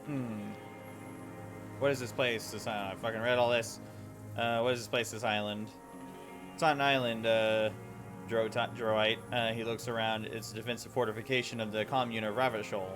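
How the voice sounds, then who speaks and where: Tired man, lowish voice, halting casual reading, filler-heavy, game music loud behind. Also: fairly even intonation. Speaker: streamer reading game dialogue aloud. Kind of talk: casual live-stream reading and chat.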